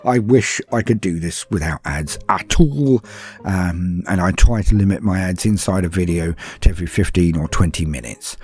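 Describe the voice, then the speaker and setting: Casting: deep, breathy-voiced English man, BBC English, self-deprecating podcast host answering fan questions. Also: moderate pace, a little mellow. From southern England. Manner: chatty, self-deprecating, rambling asides. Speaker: YouTube narrator answering patron questions. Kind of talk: casual podcast Q&A.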